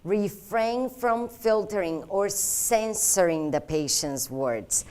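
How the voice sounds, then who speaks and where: A woman's voice: medium pitch, lively intonation, slow, a little mellow. Woman explaining interpreting protocol. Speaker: interpreter trainer. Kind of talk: instructional talk.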